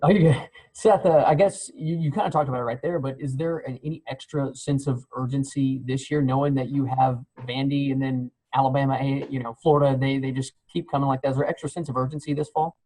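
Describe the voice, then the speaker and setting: A man's voice: medium pitch, steady tone, fairly quick, hardly any pauses, mellow, poor audio. A man, a TV sports reporter, asking a rambling, hesitant question.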